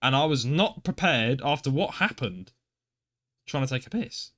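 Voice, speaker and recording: On a podcast, a young co-host shares a self-deprecating, embarrassing story, playing out his reactions as he goes. He sounds mid-range, animated and a bit bright, speaking at normal speed.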